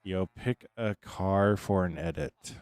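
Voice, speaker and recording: A man streaming live, chatting casually and greeting viewers by name, tired and relaxed. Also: low-pitched, slow pace, clean tone, dry recording.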